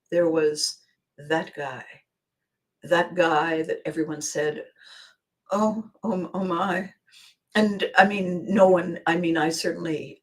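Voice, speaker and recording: A woman hosting a podcast, telling a funny personal anecdote in an animated way and laughing often. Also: fairly low pitch. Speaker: podcast host. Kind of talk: storytelling anecdote.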